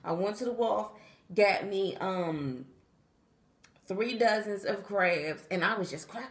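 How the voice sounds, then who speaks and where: A woman's voice: medium pitch, lively intonation, moderate pace, vocal fry, fairly bright tone. Tired, chatty woman in an echoey room. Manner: chatty, talks straight to viewers, acts out quotes. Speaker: pregnancy vlogger. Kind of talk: casual chat to camera.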